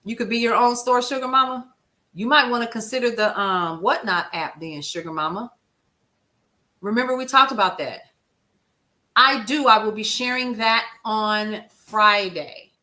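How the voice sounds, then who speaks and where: Female stream host, bright tone, casual, talks straight to the chat. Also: on the high side, moderate pace. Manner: emphatic, conversational, addresses viewers as "y'all". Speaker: livestream news show host. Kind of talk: casual livestream chat, answering viewer comments.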